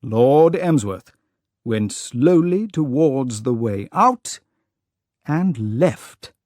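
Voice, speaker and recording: A man narrating a humorous audiobook story for language learners, reading clearly and expressively. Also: medium pitch, lively intonation, extremely slow, a little mellow, dry recording, clean studio sound.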